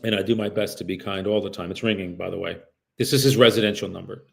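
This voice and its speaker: A man with a low, gravelly voice makes cold calls on a livestream, talking casually and directly to his viewers. On the phone he turns polite and apologetic. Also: fairly even intonation, quick pace, fairly bright tone. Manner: chatty, addresses viewers directly. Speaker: real estate agent.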